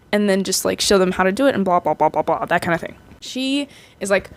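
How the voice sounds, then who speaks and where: A woman's voice: medium pitch, animated, moderate pace. A young woman casually recapping a movie, chatty and rambling, with frequent restarts and playful asides.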